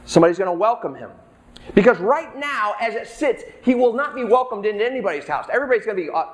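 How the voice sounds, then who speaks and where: Middle-aged man, high voice, chatty pastor delivering a sermon. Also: animated, fast. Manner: conversational, acts out the characters' lines.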